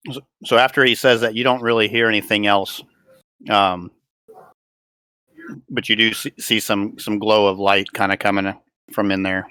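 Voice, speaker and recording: A man acting as game master for a tabletop game, describing the scene as he goes. His voice sits low but sounds bright and forward. He stops and restarts often while finding his words. The recording is dry and close. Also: little pitch movement, moderate pace, pauses often, clear, resonant tone, no echo. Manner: hesitant, searching for words.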